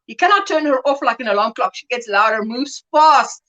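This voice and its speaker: A middle-aged woman hosting her livestream chats loosely and rambles, laughing often and acting out little scenes while greeting viewers. Her high, bright-edged voice swoops up and down with lively intonation at a brisk pace. The highs are cut off in the audio.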